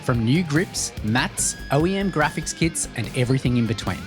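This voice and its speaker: A male podcast host reading an ad and chatting casually, relaxed and quick to laugh. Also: medium pitch, over music. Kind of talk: ad read and casual chat.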